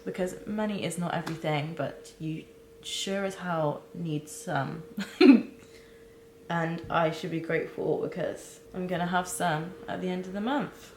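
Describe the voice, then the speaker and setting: Low-voiced woman, halting candid vlog. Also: steady tone, reverberant, a little hiss or hum, poor audio. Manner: halting, searching for words, many fillers and restarts. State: close to tears. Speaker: vlogger.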